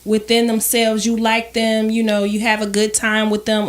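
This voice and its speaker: A woman's voice: on the high side, completely flat delivery, moderate pace, few pauses. Woman cohost on a podcast, asks a long rambly question, lots of you know what i mean. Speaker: podcast co-host. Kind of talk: casual podcast conversation.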